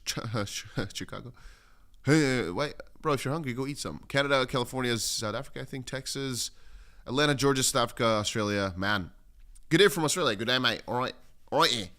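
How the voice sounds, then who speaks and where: Bright-voiced man rambling through a crypto stream. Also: medium pitch, a little fast. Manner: chatty, rambling, reads viewer comments aloud. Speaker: crypto livestream host. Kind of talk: casual livestream chart commentary. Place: home studio in Dubai.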